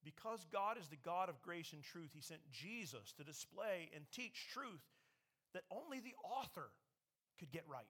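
Guy preaching in church, fairly high voice, chatty but earnest, drags words out for emphasis then gets loud. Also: big pitch swings, breathy edge. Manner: earnest, conversational, with dramatic slowdowns and sudden loud emphasis. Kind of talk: sermon. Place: church sanctuary.

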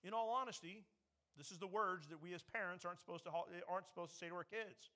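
A man's voice: high voice, fast, bright, forceful tone. A man preaching a sermon, emphatic, raising his voice when he quotes scripture. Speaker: pastor.

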